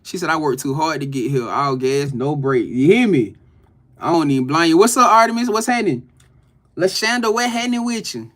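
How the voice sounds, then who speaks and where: A man's voice: on the high side, expressive, brisk, fairly bright tone. A man doing a casual live-stream tarot reading, greeting viewers and laughing often. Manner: loose, slangy, greets chat viewers by name, laughs often.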